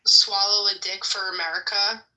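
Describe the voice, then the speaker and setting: A woman calls into a podcast and bluntly asks crude, provocative questions. Her voice is very bright and of middle pitch. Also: fairly even intonation, normal speed, poor audio. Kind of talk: casual chat.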